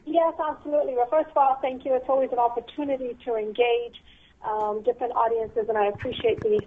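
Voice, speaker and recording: A woman in her thirties from Texas with a light Southern accent, a guest expert speaking in an articulate, measured way on a phone interview. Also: a little high, little pitch movement. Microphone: telephone. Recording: tinny phone line.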